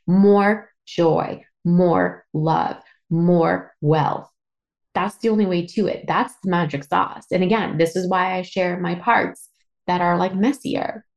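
A woman's voice: on the low side, gravelly, a little mellow. A woman hosting a solo podcast, talking candidly and emotionally, swearing casually, a little teary. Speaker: podcast host. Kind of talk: personal solo podcast monologue.

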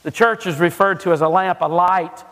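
A male pastor preaches with a high voice and an emphatic delivery, often stumbling and restarting his phrases. His voice rings through a church sanctuary with a long reverb trailing behind it. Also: normal speed, fairly bright tone. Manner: emphatic, with frequent stammered restarts. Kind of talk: sermon.

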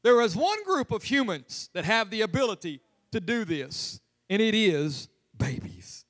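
A man's voice: extremely high pitch, big pitch swings, a little slow, a bit bright. A man preaching a humorous, conversational sermon as pastor in a church. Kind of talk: lively sermon. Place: church sanctuary.

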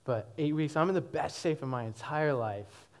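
A young man, probably in his twenties, is telling a church congregation his personal testimony. His voice sits fairly high and moves at a moderate pace, and his delivery is animated and often punctuated by laughter.

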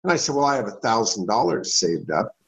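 A man's voice: medium pitch, sing-song, fairly quick, creaky, slight background noise. A middle-aged man telling a personal story as an interview guest, folksy and anecdotal, acting out the people in it. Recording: dull lo-fi sound.

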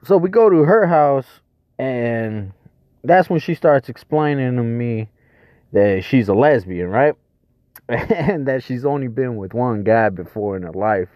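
A man's voice: mid-range voice, lively intonation, a little slow, dry recording. A man telling a crude comic story in a rambling, profane way, chuckling between lines. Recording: dull lo-fi dry recording.

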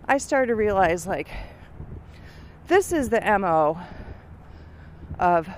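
Walking uphill outdoors, a middle-aged woman, her lungs weak after years of smoking, is slightly winded as she rambles through a casual vlog monologue full of fillers. Her mid-range voice is very animated and slow, with a little hiss or hum.

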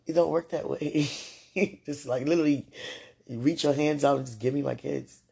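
In a chatty podcast monologue aimed straight at her partner, a host laughs a lot and keeps things casual. She has a deep, husky, darkish voice with vocal fry, at a moderate pace.

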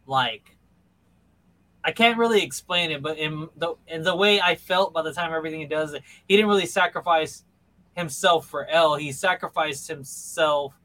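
A man co-hosting a podcast in casual chat, rambling and animated as he retells scenes. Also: fairly high pitch, rough recording. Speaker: podcast co-host.

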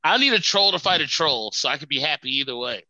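Bright-voiced man in casual chat. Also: a little high, expressive, fast talker, dry recording, dull audio. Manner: loose, rambling, laughs often. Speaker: podcast co-host.

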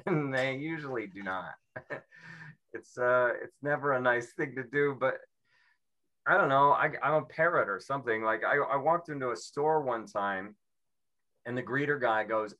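A man from Seattle doing a rambling, self-mocking stand-up set, slipping into quick mimicry of people. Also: mid-range voice, animated, pushed and bright. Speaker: stand-up comedian.

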